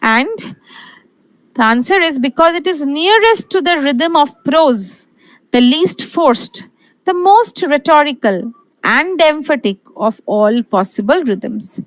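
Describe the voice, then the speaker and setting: Slow, high-voiced woman lecturer. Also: animated, no room sound, poor audio. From India. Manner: repeats key points, asks and answers own questions. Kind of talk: exam-prep lecture.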